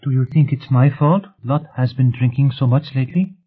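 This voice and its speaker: A man's voice: medium pitch, normal speed, slightly rough, voice pushed up, natural voice. A man reading a defiant young woman with a clipped, coldly challenging manner, in an audiobook. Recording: tinny phone-like sound.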